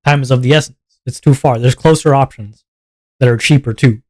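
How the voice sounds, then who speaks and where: A young Canadian man streams live, ranting casually and with exasperation while swearing and laughing. His voice is medium-pitched, brisk and a little mellow.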